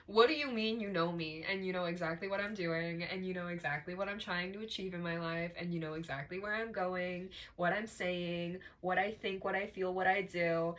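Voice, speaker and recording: Woman, tarot reader, casual reading to viewers, emphatic, repetitive, profane, heavy on fillers, mid pitch. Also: normal speed, fairly bright tone. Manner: conversational with many fillers like "like" and "right".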